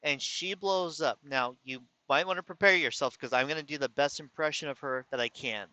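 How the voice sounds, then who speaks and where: A man's voice: on the high side, fairly quick, sharp tone, no echo. A man telling a rambling story in a casual venting way, with a slight lisp and some slurred words, often correcting himself. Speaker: vlogger. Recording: dull lo-fi sound.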